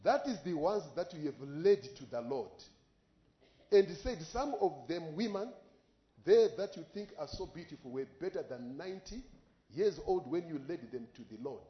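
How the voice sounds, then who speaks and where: Impassioned preacher, echoey lo-fi recording. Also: male voice, a little high, animated, normal speed. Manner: impassioned storytelling, voice rising in exclamations. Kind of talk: sermon with live interpretation.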